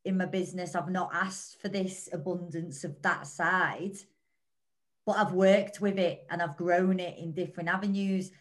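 A woman's voice: on the low side, steady tone, moderate pace. A woman co-hosting a podcast, talking in an earnest, rambling way with frequent restarts. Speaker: podcast co-host. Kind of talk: reflective casual chat.

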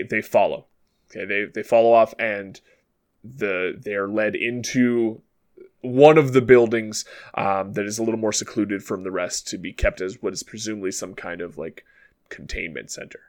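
A man narrating a tabletop role-playing game as game master, relaxed and hesitant, with frequent fillers. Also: on the low side.

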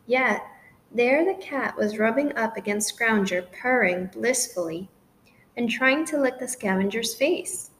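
A woman reads a children's story aloud in a gentle, clear storytelling voice. Her pitch sits a little high, and a faint room ambience hums behind her. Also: lively intonation, measured pace, slight background noise, rough recording. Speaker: storybook narrator. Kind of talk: scripted children's story narration.

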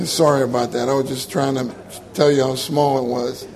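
A man's voice: mid-range voice, level tone, moderate pace, a crowd in the background. Older man preaching a conversational sermon. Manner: conversational, repeats key phrases, laughs at his own jokes.

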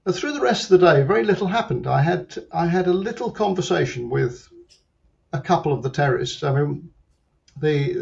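Guy telling his story slow and halting, bit gravelly, kinda muffled lo-fi sound. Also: mid-range voice, a little mellow. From Britain. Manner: reflective, halting, many restarts and fillers. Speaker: interview guest. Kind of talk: personal storytelling in an interview.

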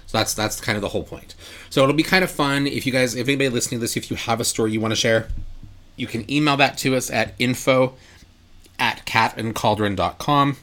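A man's voice: medium pitch, fairly quick, a bit bright. A man co-hosting a podcast in casual chat, rambling with lots of fillers and restarts. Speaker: podcast co-host.

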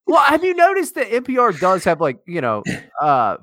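Brief: male podcast co-host, mocking and profane, animated pitch, dry close sound. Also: normal speed, dry recording. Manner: profane, teasing, rambling. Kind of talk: casual podcast banter.

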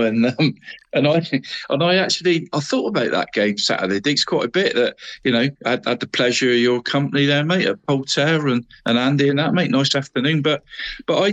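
A man's voice: mid-range voice, fairly bright tone. A man, co-hosting a casual football chat, rambling on and calling his co-host mate constantly.

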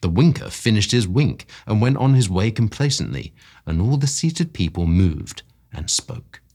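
A man narrating a classic story for a podcast in a low, husky voice. His reading is expressive and climbs with excitement. His pitch moves around a great deal. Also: normal speed.

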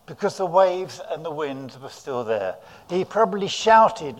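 An English preacher delivers his sermon at an unhurried pace. His voice sits a little high for a man, and he acts out the characters' words as he goes. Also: very animated. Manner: dramatic storytelling, voices the disciples' cries.

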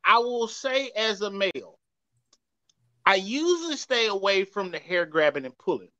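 A man's voice: high-pitched, animated, moderate pace, pushed and bright, no room sound, dull audio. A man co-hosting a casual panel chat, talking emphatically and repeatedly addressing the men listening. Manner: emphatic, repeats "I'ma tell you right now", addresses the fellas. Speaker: podcast co-host.

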